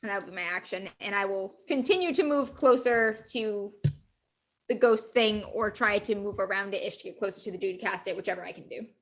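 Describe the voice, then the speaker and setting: A woman's voice: mid-range voice, fairly quick. A woman playing a tabletop game, thinking aloud and unsure, with casual swearing. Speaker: player.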